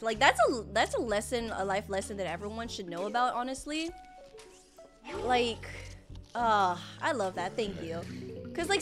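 A young woman streaming live gameplay, excitable and panicky, piling up "oh my gosh" and repeating herself as she reacts. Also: mid-range voice. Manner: excitable, panicky, talks fast with many "oh my gosh".

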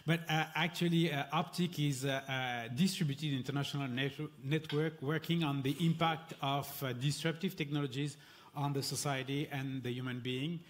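A man with a French accent, a Dominican friar speaking as a guest on a panel in a measured, hesitant way with many fillers. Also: medium pitch. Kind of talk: panel discussion.

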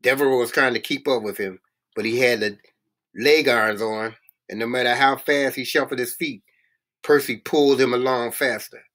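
A man reading a novel aloud in a halting way, often stumbling and restarting words. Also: mid-range voice, fairly even intonation, a bit bright. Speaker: reader.

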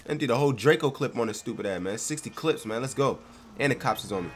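A man's voice: lowish voice, fast, a little hiss or hum. A young man with a congested voice from a cold, giving slangy, hyped commentary over his gameplay. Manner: slangy, hyped, loud outbursts. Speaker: gaming streamer.

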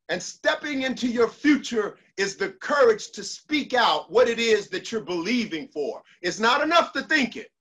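A man's voice: high voice, sharp tone, slightly rough. A man giving a motivational speech to an online audience, preacherly, repeating lines for emphasis and leading call-and-response. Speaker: motivational speaker.

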